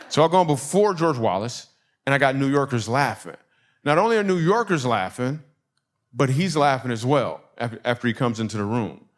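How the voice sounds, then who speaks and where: A man's voice: mid-range voice, moderate pace. A man from Michigan doing a stand-up comedy set, telling stories and acting out the people in them. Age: adult. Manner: animated, acts out quoted voices, laughter in the crowd.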